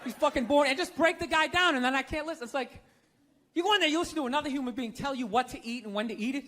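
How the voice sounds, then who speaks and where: Man, stand-up comic, profane sarcastic rant, sharp bright tone, faint audience murmur and noise. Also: extremely high pitch, very fast. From United States. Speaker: stand-up comedian. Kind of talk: stand-up routine. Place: comedy stage before a live audience. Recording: live show with faint crowd noise. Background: audience laughter.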